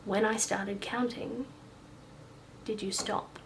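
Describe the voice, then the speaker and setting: A woman's voice: steady tone, slow, gravelly, a little hiss or hum. A woman voicing a tearful grown man who has regressed to a small boy, sobbing and pleading. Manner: sobbing, pleading, high and breaking. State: crying.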